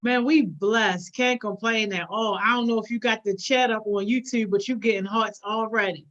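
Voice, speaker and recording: A woman's voice: fairly high pitch, fairly even intonation, moderate pace, a bit bright, dull audio. A woman hosting a live stream, upbeat and casual, greeting viewers one by one. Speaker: host.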